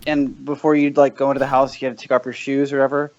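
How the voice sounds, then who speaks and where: A man's voice: medium pitch, level tone, quick pace, darkish tone, dry recording, highs cut off. A man chatting casually on a podcast, rambling with lots of fillers. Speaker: podcast guest. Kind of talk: casual chat.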